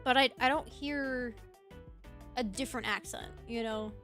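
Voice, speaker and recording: A woman's voice: on the high side, steady tone, measured pace, a bit bright, faint music behind. An American woman with a Valley Girl accent, chatting casually on a live stream and giggling as she reads chat. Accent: Californian Valley Girl. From United States. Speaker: VTuber streamer.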